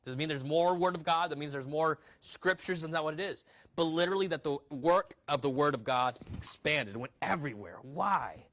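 A man's voice: fairly high pitch, moderate pace, fairly bright tone. Conversational man preaching from the pulpit. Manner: conversational Bible teaching with asides and rhetorical questions. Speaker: pastor. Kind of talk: sermon.

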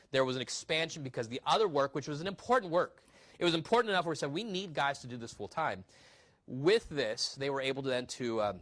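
A man's voice: mid-range voice, fairly bright tone. A man, a pastor, preaching a sermon in a conversational teaching manner, reading scripture aloud and asking rhetorical questions.

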